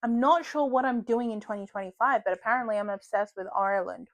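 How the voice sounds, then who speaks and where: Woman book vlogger, casual joking delivery with some swearing; higher voice, dry recording. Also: fast talker, dry recording. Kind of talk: casual chat.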